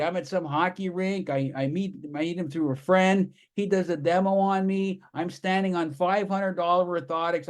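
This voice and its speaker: A man talks to an audience in an enthusiastic, storytelling way. His voice sits a little higher than most men's. He runs through his points with eager energy. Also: darkish tone. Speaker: presenter. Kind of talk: live presentation to an audience.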